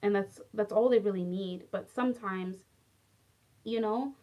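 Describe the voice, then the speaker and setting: A young adult woman who used to teach English tells personal stories in a casual vlog, her mid-range voice moving at a measured pace over lo-fi audio. She's chatty and animated, warm and affectionate, full of feeling and saying "like" constantly.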